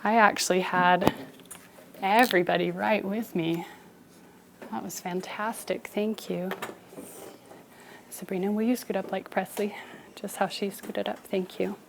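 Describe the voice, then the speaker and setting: A woman's voice: mid-range voice, fairly even intonation, a little slow, vocal fry, long pauses, a little hiss or hum. A woman teaching a class, leading a phonics drill with firm, rhythmic call-outs and encouragement.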